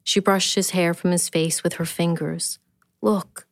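Woman author narrating her tale; steady, measured; lowish voice, dry close sound. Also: no echo. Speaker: author reading her own story. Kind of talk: scripted narration.

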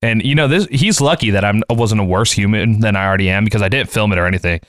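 A man's voice: lowish voice, very fast, dry recording. A man in his late twenties or thirties on a casual podcast, telling a workplace story and acting out the dialogue with frequent laughs. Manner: animated anecdote teller, acts out dialogue, laughs often.

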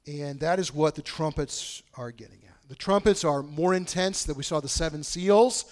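A man preaching a sermon in a conversational way, dropping to a hush and then rising to loud, emphatic bursts. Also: fairly high pitch, normal speed. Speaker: pastor.

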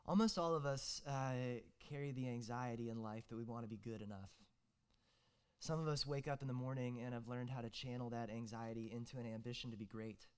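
A man's voice: medium pitch, steady tone, brisk, smooth. A young man, preaching a casual, joking sermon as a guest preacher, full of fillers and restarts.

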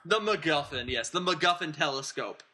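A man's voice: fairly high pitch, animated, moderate pace, a loud crowd. A man hosting a podcast, casually recapping a film plot in a rambling, digressive way and chuckling as he talks. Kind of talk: casual chat.

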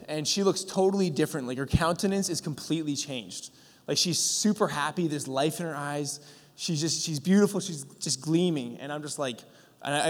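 Guy preaching a testimony, kinda high voice, lots of ums and restarts, echoey church hall. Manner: earnest storytelling with many fillers and restarts. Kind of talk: sermon testimony. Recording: long hall reverb.

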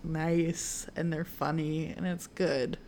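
A woman's voice: deep voice, level tone, takes it slowly, darkish tone, a little hiss or hum. A woman co-hosting a podcast, chatting casually and musing aloud with many fillers. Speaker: podcast co-host. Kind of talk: casual chat.

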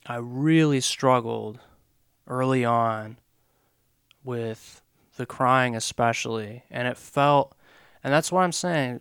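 A man telling his own story candidly, hesitant and reflective, often pausing on fillers. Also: mid-range voice, fairly bright tone, clear, resonant tone, no room sound, clean studio sound. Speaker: podcast co-host, father sharing his story.

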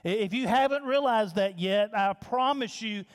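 A man's voice: high-pitched, normal speed. A man preaching a sermon as pastor, impassioned, repeating phrases and restarting with stammers. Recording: long hall reverb.

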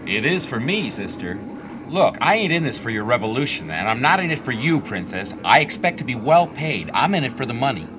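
A man's voice: mid-range voice, sing-song, fairly quick, lightly acted. An actor playing a cocky, wisecracking male smuggler who talks in a smug, sarcastic way. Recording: old film soundtrack with hiss.

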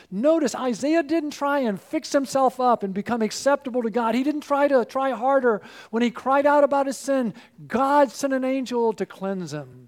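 A man preaching a sermon, emphatic, moving between loud exclamations and hushed asides. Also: high-pitched.

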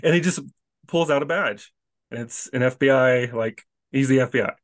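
A man co-hosting a podcast, telling a lively anecdote in a casual, animated way with frequent restarts and laughs. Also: medium pitch, normal speed, dry recording, clean studio sound. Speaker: podcast co-host. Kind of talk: casual storytelling.

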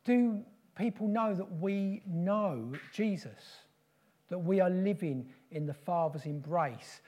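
Male preacher, prophetic sermon, solemn repetitive delivery, warm tone. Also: high voice. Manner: slow, solemn, repetitive declarations.

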